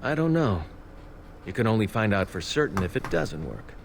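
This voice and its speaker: A man's voice: fairly low pitch, big pitch swings, moderate pace, creaky, noisy background. An actor playing a worried male elf in a video game, speaking earnestly as he asks for help. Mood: concerned. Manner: earnest, pleading. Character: worried male elf pleading for his cousin. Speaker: game character.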